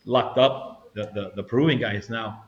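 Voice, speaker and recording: An older man, a retired federal agent, tells stories as a guest in an interview. His voice is fairly low and moves at a normal speed, and he tells the stories with animation, acting out the voices of the people in them. The room is echoey and the sound slightly dull.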